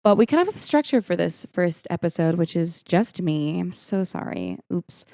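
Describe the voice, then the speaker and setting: Young woman host, Valley girl lilt, lower-pitched for a woman, dry close sound, chatty and self-mocking. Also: very animated, normal speed, gravelly, dark tone, no room sound. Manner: chatty, self-deprecating, rambling tangents. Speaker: podcast host. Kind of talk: casual solo podcast chat.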